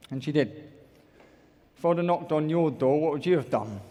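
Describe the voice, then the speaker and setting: A man from the UK giving an energetic, jokey motivational talk on stage, bantering with a large audience. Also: on the high side, normal speed, pauses often. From United Kingdom. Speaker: motivational speaker. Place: large auditorium. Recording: echoey large hall.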